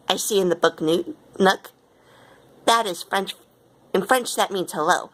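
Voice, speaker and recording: A woman reading a children's picture book aloud in an expressive way. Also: lowish voice, moderate pace. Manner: expressive, with lively quoted lines. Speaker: storyteller.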